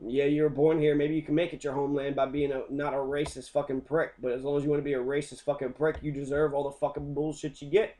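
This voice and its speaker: A man's voice: on the high side, flat delivery, fast talker, few pauses, warm tone. Angry swearing man lecturing on history. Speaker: teacher. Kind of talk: profane ranting lesson.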